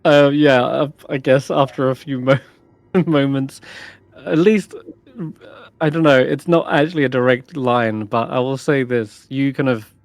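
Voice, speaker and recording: A man's voice: mid-range voice, unhurried, no echo. A man narrating as game master in a tabletop game, describing scenes in a hesitant way with many fillers.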